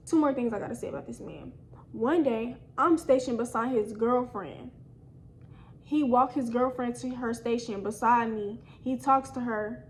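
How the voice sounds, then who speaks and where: High-voiced young woman telling a story. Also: moderate pace, vocal fry, slight background noise, poor audio. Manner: animated, slangy, addresses viewers as y'all. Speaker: storytime vlogger. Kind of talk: casual storytime.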